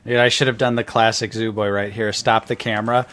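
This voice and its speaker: A man's voice: on the low side, flat delivery, a little fast, fairly bright tone, clear, resonant tone. A man co-hosting a casual livestream chat, teasing friends and laughing often. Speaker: co-host.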